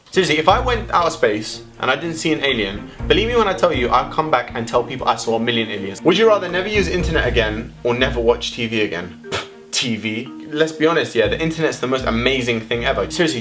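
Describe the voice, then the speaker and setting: A young man, ranting animatedly to camera in a casual vlog, full of swearing and exaggeration. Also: mid-range voice. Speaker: vlogger.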